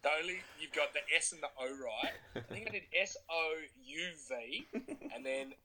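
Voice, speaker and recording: Bright-voiced Australian man telling stories. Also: fairly high pitch, moderate pace, poor audio. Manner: animated storyteller, laughs at himself. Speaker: podcast co-host. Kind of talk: casual chat.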